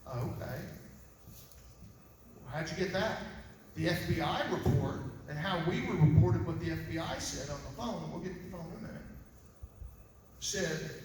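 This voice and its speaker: A fairly high-voiced man speaks as a civil investigator at a press conference, pressing his points hard and firing off rhetorical questions. His voice comes from well off the mic, with a long, booming reverb around it and a faint hiss underneath. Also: normal speed. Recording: echoey hall, voice far from mic.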